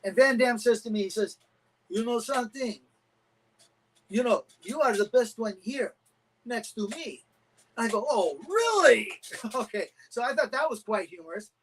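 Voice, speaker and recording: A middle-aged man, a karate champion guest, telling animated stories and acting out quotes in a casual interview. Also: very high-pitched, normal speed, long pauses, a little hiss or hum, poor audio. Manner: animated anecdotes with acted-out quotes.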